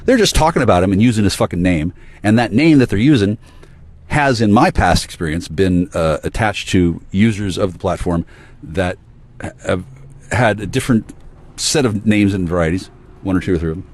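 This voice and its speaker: A man in a rambling solo monologue, ranting with heavy profanity and swinging between low muttering and sudden outbursts. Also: moderate pace, darkish tone.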